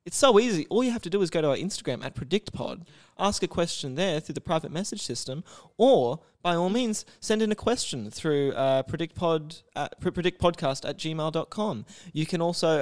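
Joking, sweary podcast co-host. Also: male voice, on the high side, expressive, fairly quick, hardly any pauses. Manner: joking, sweary, laughs often, puts on silly voices. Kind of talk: casual podcast chat.

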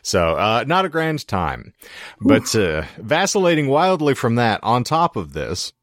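A man co-hosting a podcast with a hoarse, sore throat, telling long rambling stories with wry asides. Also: mid-range voice, very animated, measured pace, a bit bright, no room sound. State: hoarse throat after illness. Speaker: podcast co-host. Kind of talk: casual podcast chat.

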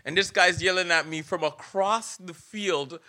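A young man hosting a podcast, telling stories in a casual chat, animated and laughing as he acts out what people said. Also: sits high, measured pace. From Canada. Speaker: podcast host.

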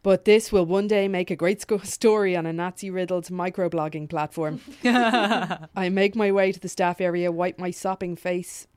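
A woman's voice: lowish voice, fairly even intonation, moderate pace, darkish tone, clean tone. A woman reading a funny story aloud on a podcast, often laughing, stopping to comment and swearing freely. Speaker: podcast co-host.

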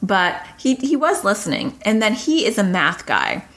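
A middle-aged woman giving casual advice on her own channel. She tells stories in a lively way, and her pitch leaps whenever she quotes her son or herself. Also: moderate pace. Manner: animated storytelling, pitch leaps when quoting others. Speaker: parenting and anxiety educator on her own channel. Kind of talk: casual advice monologue to camera.

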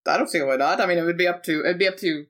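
A woman playing a tabletop game, brisk and practical, speaking for her character. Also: lowish voice. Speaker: player. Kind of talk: casual tabletop play.

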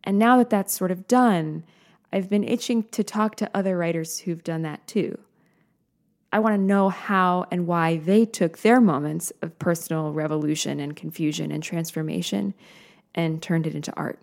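A woman host giving a measured, reflective scripted introduction of her guest. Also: on the low side, gravelly, darkish tone. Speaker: podcast host.

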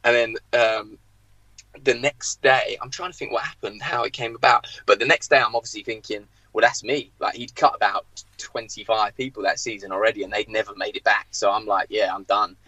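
A man, a former footballer, telling an anecdote on a podcast, animated and acting out the dialogue, with frequent "like" fillers. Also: fairly low pitch, brisk, dry recording, rough recording. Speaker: former professional footballer, guest. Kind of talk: podcast storytelling.

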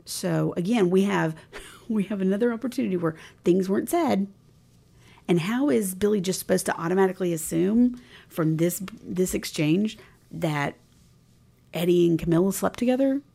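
Podcast co-host, woman, low gravelly voice with a mellow tone, retelling scenes with acted-out dialogue. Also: moderate pace. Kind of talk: casual recap chat.

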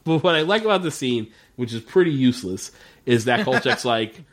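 A man's voice: mid-range voice, animated, fast, a bit bright. Podcast guy rambling thru an episode recap, laughs a lot, swears a ton. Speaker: podcast co-host. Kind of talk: casual chat recapping a TV episode.

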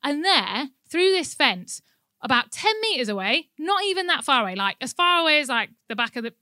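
A woman gives a church talk, spinning a personal anecdote in a lively way with frequent laughter. Her voice sits high and bright. The sound is close and dry. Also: fairly quick, no room sound. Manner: animated anecdotal, laughing often. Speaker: church speaker. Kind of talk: sermon with personal storytelling. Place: indoor room with an audience.

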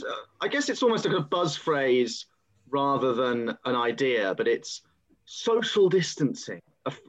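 A British man hosting a podcast panel, voicing opinions in an exasperated, animated way. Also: medium pitch. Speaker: podcast host. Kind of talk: casual panel discussion. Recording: slightly dull podcast audio.

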